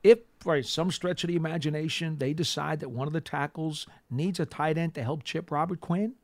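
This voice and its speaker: A man hosting a sports talk show, energetic and emphatic, getting louder as he gets excited. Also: a little high, moderate pace, no room sound. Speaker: sports radio host.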